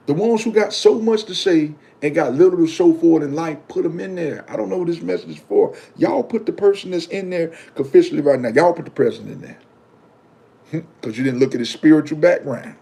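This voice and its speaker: A man's voice: on the high side, gravelly, mellow. A man giving a casual, emphatic monologue to his viewers, preaching and repeating his points, speaking in loose slang and answering commenters. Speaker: vlogger.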